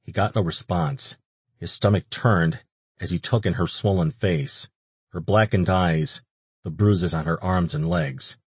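A man reading an audiobook in steady, even scripted narration, recorded close on a studio mic. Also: low-pitched, unhurried, breathy edge, no room sound.

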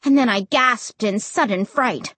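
A woman narrating a children's story as an audiobook reader, with an expressive, lively delivery. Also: fairly high pitch, a little slow, husky, no room sound.

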